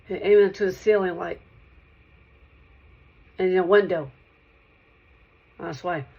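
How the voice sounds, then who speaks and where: Woman, mid-pitched, soft, repetitive rambling monologue; muffled lo-fi audio. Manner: repetitive, circling back over the same points, soft-spoken. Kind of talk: rambling spoken monologue to one listener.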